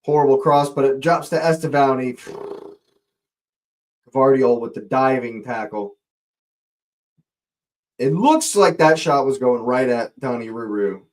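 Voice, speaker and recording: Medium-pitched and a little slow with long pauses, this man hosts a live watch-along. He provides fan play-by-play, greets and talks with chat viewers, and gets excitable, voice jumping up whenever there's a near chance.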